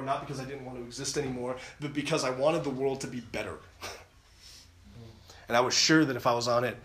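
A man's voice: medium pitch, a bit bright, a little hiss or hum. A man giving an earnest personal testimony at a camp, retelling his story with many restarts and repeated phrases. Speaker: camp speaker. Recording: roomy echo.

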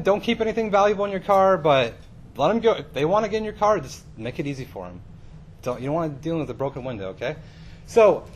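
A man's voice: on the high side, a little mellow, slight background noise. A man preaching in a casual storytelling way, chatty and self-deprecating with many fillers.

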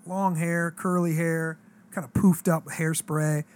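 Animated high-voiced male pastor storyteller. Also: measured pace. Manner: animated, slangy, acts out quoted dialogue. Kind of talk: casual storytelling on a podcast.

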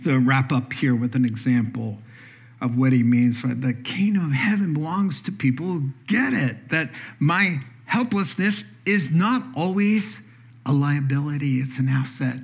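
A man's voice: a little high, moderate pace, vocal fry, slightly rough. An older man preaching a sermon, telling stories animatedly and acting out voices. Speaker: pastor. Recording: dull lo-fi sound.

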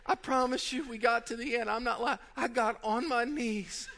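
A man who is a pastor, telling a funny story in a sermon as an animated storyteller who laughs through the tale. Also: very high-pitched, moderate pace, vocal fry.

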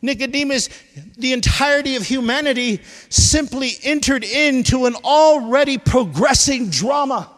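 Preacher guy, real high voice, shouting then going quiet, long echo like a big church. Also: moderate pace. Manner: impassioned preaching, swings from shouting to hushed. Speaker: pastor. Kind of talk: sermon. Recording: long hall reverb.

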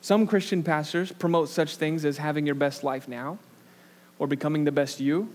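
A man's voice: a little high, fairly even intonation, normal speed. Casual young man preaching. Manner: casual, self-deprecating storyteller with many fillers. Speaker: pastor. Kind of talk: sermon with a personal anecdote.

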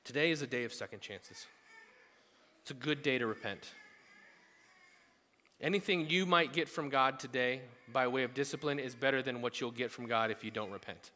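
A male pastor preaching a sermon at a church service, telling the story casually with animated asides. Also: mid-range voice, moderate pace. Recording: long hall reverb.

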